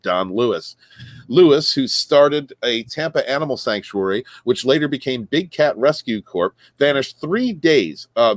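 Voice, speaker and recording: A man's voice: mid-range voice, no echo. A man hosts a chatty podcast, reading news stories aloud to his guests. His voice swings up and down with plenty of life. He trips over words and corrects himself, and the room is dry and close. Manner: reads stories aloud, stumbling and correcting himself, laughing often.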